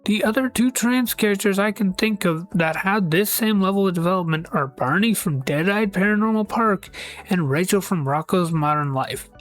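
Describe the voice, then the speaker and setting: Woman reading fan posts out loud, wry deadpan asides, average pitch, soft music under her. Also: moderate pace. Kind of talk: casual scripted commentary with skits. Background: faint background music.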